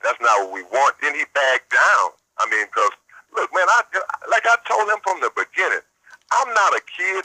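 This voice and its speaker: A man's voice: a little high, expressive, normal speed, pushed and bright, no echo, low-quality recording. A man in his fifties, a former football player calling in as a guest on a sports radio show, retelling a phone conversation and repeating "I said" constantly.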